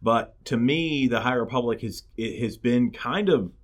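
Man, podcast co-host, mid-pitched, rambling and halting. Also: expressive. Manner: rambling, hesitant, repeats words. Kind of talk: casual podcast chat.

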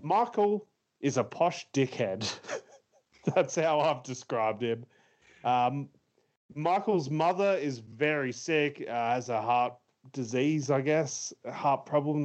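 A man's voice: medium pitch, slow, darkish tone. A man co-hosting a casual podcast, retelling a movie's plot with lots of fillers and laughs. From Australia. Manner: rambling, laughs often, many fillers. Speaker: podcast co-host. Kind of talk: casual movie review chat.

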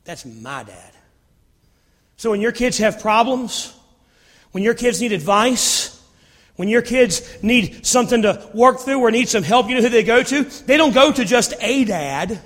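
A male pastor preaching a sermon in a church, animated and playful with the congregation. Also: very high-pitched. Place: church sanctuary. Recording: long hall reverb.

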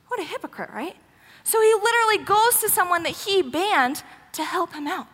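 A woman's voice: extremely high pitch, expressive, normal speed, a bit bright. A young woman giving a casual, sarcastic, emphatic sermon in a church hall. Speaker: youth speaker. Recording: roomy hall with long echo.

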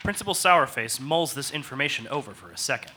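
A man's voice: mid-range voice, animated, quick pace, bright, forceful tone, husky. A man reading out stage directions in a comedic table read, wry and mock-serious. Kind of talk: comedic script narration.

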